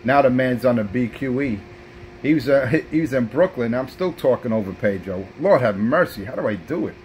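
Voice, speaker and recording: A man's voice: mid-range voice, expressive, a little fast, a little mellow, a little hiss or hum, rough recording. A man, trash-talking rivals as a brash, profane CB radio operator. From South Bronx, New York.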